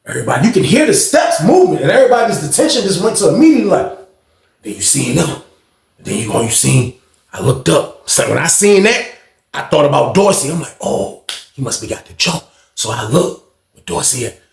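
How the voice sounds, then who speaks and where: A man telling a casual storytime in a lively, slangy way, acting out the voices of the people in it. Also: a little high, a little fast, vocal fry, roomy sound. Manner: animated, slangy retelling that acts out the voices of others.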